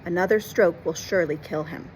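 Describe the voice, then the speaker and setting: A woman's voice: lowish voice, fairly quick, darkish tone, a little hiss or hum, close to an everyday voice, rough recording. A woman reading aloud, voicing a firm male doctor who speaks emphatically and matter-of-factly.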